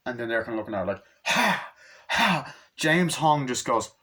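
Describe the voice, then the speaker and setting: A man's voice: medium pitch, noisy background. Young man, casual phone-recorded movie rant; eager, profane, acts out lines mid-sentence. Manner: excited, swears a lot, acts out scenes with quick voices. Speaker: movie reviewer. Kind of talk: casual rambling movie review.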